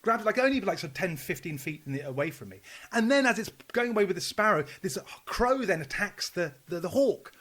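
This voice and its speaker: A man's voice: high-pitched, lively intonation, fairly quick, few pauses, a bit bright. A man co-hosting a podcast, telling long rambling stories full of restarts and swearing. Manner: rambling storyteller, swears freely, many restarts. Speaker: podcast co-host. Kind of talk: casual chat.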